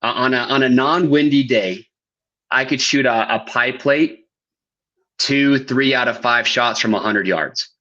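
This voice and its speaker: A man's voice: mid-range voice, unhurried, sharp tone. An American man talks as a guest on a casual podcast, walking through details in a friendly, chatty way. His voice sits in a middle range, and the audio is a bit dull and muffled. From United States. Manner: chatty, explains things in detail. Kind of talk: casual interview chat.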